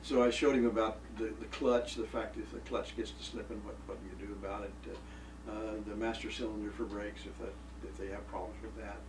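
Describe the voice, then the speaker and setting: A middle-aged man tells a family story in a plain, homespun way, again and again tagging lines with "I said." He sits well back from the mic in a room that echoes, with steady noise behind him. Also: fairly low pitch, a little fast, few pauses. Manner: homespun, repeats "I said" and "he says". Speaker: father giving a tribute. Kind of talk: storytelling testimony. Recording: roomy room picked up from a distance with noise.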